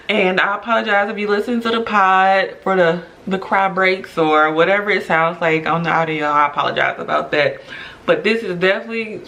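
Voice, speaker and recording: A woman's voice: mid-range voice, a bit bright. A young adult woman hosting her podcast, talking in an earnest, chatty way straight to her listeners and laughing through emotional moments. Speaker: podcast host. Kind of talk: casual heartfelt podcast monologue.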